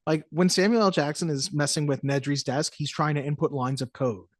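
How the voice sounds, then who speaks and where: A podcast co-host chatting casually about a film, animated and jokey, often slipping into quick mock voices. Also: medium pitch, no echo, studio quality. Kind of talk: casual movie-review chat.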